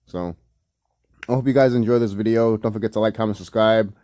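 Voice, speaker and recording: A man with a lowish, mellow voice rambles through a casual reaction commentary, swearing freely and breaking into laughs. His talk is loose and filled with "um" and "you know," recorded dry and close. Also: steady tone, fairly quick, no echo. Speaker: video commentator.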